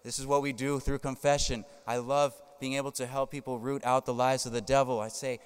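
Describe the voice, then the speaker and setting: Male priest, sermon, emphatic, smooth resonant voice, long church reverb. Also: mid-range voice, level tone, brisk, hardly any pauses. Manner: emphatic, tags points with "right?". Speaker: Catholic priest.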